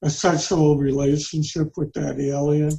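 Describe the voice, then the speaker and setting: A middle-aged man with a gravelly, mellow voice pitched a little high, trading comments in a relaxed film chat. He speaks in halting bits and mostly chimes in with brief agreements. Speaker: podcast co-host. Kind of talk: casual chat.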